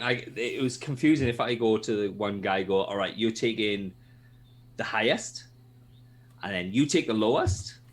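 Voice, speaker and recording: A man on a casual gaming podcast, swearing freely and telling stories animatedly, acting out what people shouted. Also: on the low side. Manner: swears a lot, animated storytelling, acts out shouted quotes. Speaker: podcast co-host.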